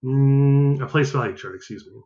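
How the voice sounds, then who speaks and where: A man's voice: mid-range voice, normal speed, mellow, dull audio. A male math teacher giving a recorded lesson, upbeat, counting aloud and correcting himself as he goes.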